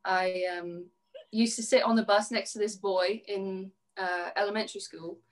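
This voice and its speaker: A woman's voice: mid-range voice, fairly even intonation, moderate pace. Young woman podcast guest, mid-range voice, chatty, filler-heavy, giggly. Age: young adult. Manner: chatty, heavy use of "like", frequent laughs. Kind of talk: casual interview chat.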